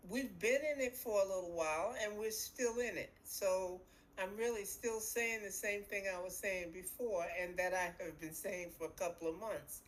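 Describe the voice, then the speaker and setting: Animated woman astrologer explaining. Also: mid-range voice, moderate pace, a little hiss or hum, poor audio. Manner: animated storyteller, uses vivid imagery. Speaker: astrologer co-host. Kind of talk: explanatory casual chat.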